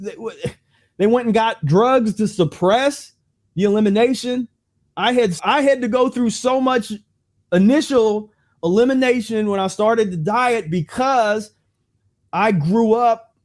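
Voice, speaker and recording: A man's voice: high-pitched, a little slow. A man hosting a livestream health talk, speaking casually and conversationally, then turning preachy with a string of rhetorical questions. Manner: casual and conversational with frequent restarts. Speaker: host.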